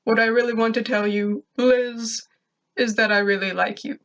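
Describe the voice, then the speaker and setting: A woman's voice: on the high side, fairly even intonation, normal speed, fairly bright tone, lo-fi sound. A woman reading a love letter as an earnest, lovesick young man, sincere and tender.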